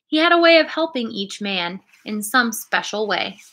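Bright-voiced woman reading a story. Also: mid-range voice, sing-song, normal speed. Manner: clear, storytelling. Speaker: reader. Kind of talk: reading a children's storybook aloud.

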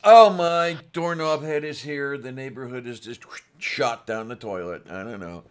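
A man's voice: mid-range voice, normal speed, clean tone. A man in casual live stream chat, playful and greeting viewers, laughing easily.

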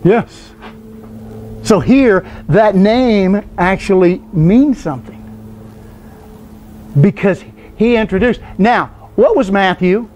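A man's voice: sits high, animated, slow, long pauses, a little mellow, muffled recording, a little hiss or hum. A man teaching an informal Bible study class, explaining loosely and stopping often to quiz the class with questions. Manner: conversational, quizzes the class with questions.

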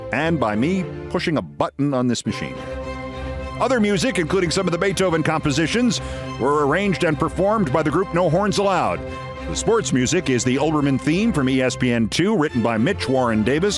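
A man hosting a podcast, delivering a scripted commentary monologue with sardonic, emphatic storytelling. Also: fairly high pitch. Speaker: podcast host.

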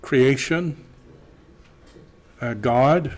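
A man teaching a Greek class, slowly reading Greek aloud and then translating it. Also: medium pitch, darkish tone, slight background noise. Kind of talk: classroom lecture.

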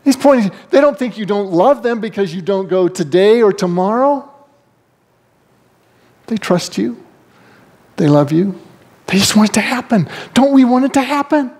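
Animated male pastor preaching. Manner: animated storytelling, acting out voices with big pitch swings. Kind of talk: sermon.

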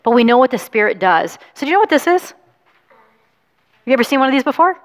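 A woman pastor reading the gospel, then talking gently with children, coaxing and encouraging them. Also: high voice, sing-song, quick pace. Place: large church sanctuary. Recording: long reverb of a church hall.

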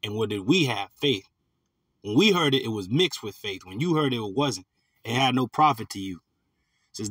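A man teaching from scripture, reading verses slowly and then commenting in casual slang. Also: medium pitch, expressive, a bit bright, husky, dry recording. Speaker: preacher.

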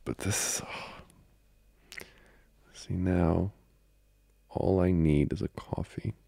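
A young man voicing a needy, playful boyfriend in a whispered role-play, speaking in soft, intimate whispers broken by giggles. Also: sits low, fairly even intonation, slow pace, gravelly, no room sound, exaggerated voice. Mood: playful, coaxing. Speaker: ASMR role-play creator.

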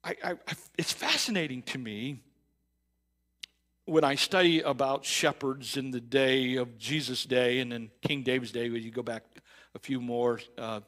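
A man preaching a sermon in a church, talking in a conversational way with many restarts and repeated words, rising to loud emphatic bursts and dropping to quiet reflective stretches. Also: medium pitch, steady tone, normal speed. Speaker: pastor. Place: church sanctuary.

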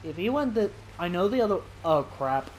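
A man's voice: sits high, very animated, normal speed, a little hiss or hum. A man giving let's play commentary who talks to the dinosaurs on screen and yelps and shrieks when startled. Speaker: gaming commentator.

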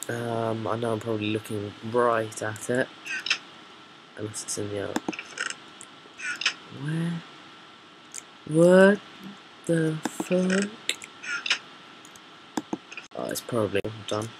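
Gravelly man muttering over game noise. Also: on the low side, a little slow, long pauses. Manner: muttering, swearing, thinking aloud while building. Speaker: gameplay video maker. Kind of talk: casual gameplay commentary.

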